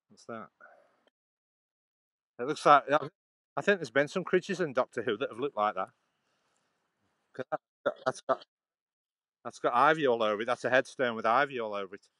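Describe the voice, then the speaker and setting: A man's voice: mid-range voice, moderate pace, pauses often, pushed and bright, no room sound. A man vlogging casually while walking outdoors through a churchyard, chatting in a rambling way with frequent restarts.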